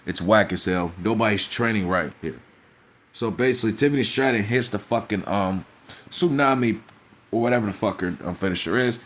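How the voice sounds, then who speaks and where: A man with a lowish voice rants through a casual review, blunt and profane. He leans on slang and keeps tossing out quick asides to check that the listener is with him. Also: a bit bright. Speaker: wrestling reviewer.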